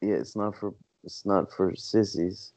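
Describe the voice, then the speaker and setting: A man's voice: deep voice, steady tone, unhurried, darkish tone, no echo. A man co-hosting a podcast in casual chat, making short, blunt, dry remarks. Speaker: podcast co-host. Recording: dull lo-fi sound.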